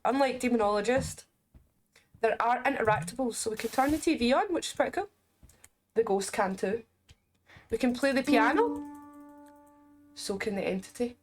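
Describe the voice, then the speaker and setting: A woman with a Scottish accent talks through a game as she plays it. Her voice sits a little high, and she keeps up a chatty, explaining flow with quick jokes on the side. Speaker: game reviewer. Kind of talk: casual gameplay commentary.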